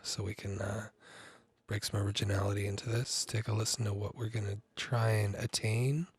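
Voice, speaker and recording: A man, a music producer, talking through a software tutorial in a relaxed, rambling way full of ums and likes. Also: lowish voice, normal speed, husky. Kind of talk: casual screen-recorded tutorial.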